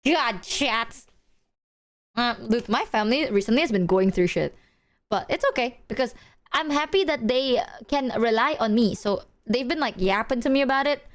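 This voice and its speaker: Animated young woman streamer, fairly high voice. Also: normal speed. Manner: animated storytelling with acted quotes; swears casually. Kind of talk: casual chat with viewers.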